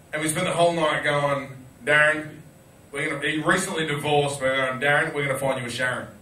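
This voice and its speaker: A man's voice: fairly high pitch, roomy sound, recorded from a distance. Joking, crude-talking man with a crowd. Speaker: chat show host. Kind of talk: casual banter.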